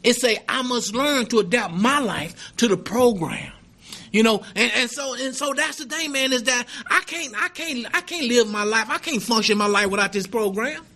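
A man's voice: very high voice, animated, moderate pace, pushed and bright. A middle-aged man sharing his recovery story at a meeting, earnest and emphatic, with many asides of "man" and "right?". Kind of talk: personal recovery testimony.

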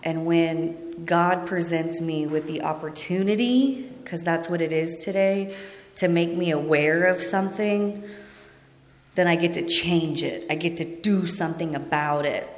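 A woman's voice: on the low side, a little slow. A woman giving a personal testimony to a group in a meeting room. She speaks in a conversational, earnest way and often asks the room questions. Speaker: speaker sharing at a recovery meeting. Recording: echoey hall reverb.

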